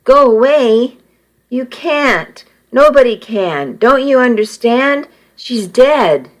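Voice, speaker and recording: A woman's voice: fairly high pitch, animated, slow pace, pitched above the performer's own voice. A woman reading an audiobook, voicing a frightened young man who stammers and wails in panic. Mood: panicked. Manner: stammering, wailing. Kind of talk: audiobook character voice.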